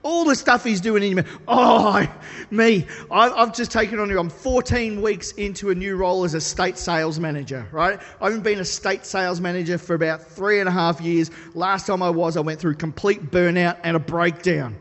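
A man preaching a sermon, telling stories in an animated, self-deprecating way. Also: high-pitched, moderate pace. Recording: long reverb of a large hall.

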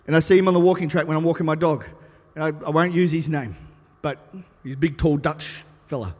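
A man preaching a sermon, telling stories in an animated, self-deprecating way. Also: on the high side, a little fast, highs cut off. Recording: long reverb of a large hall.

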